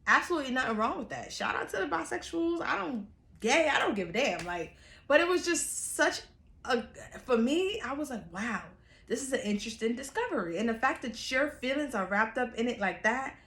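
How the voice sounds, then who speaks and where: Woman storyteller, casual vlog, animated and chatty, bright voice in an echoey room. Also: sits high, normal speed, creaky. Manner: animated, chatty, laughs often. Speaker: storyteller vlogger.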